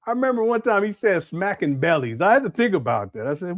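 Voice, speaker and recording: Male live-stream host, lively up-and-down voice, dry close sound, laughs a lot while reacting. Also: high voice, fast, no room sound. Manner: laughs often, reacts to clips.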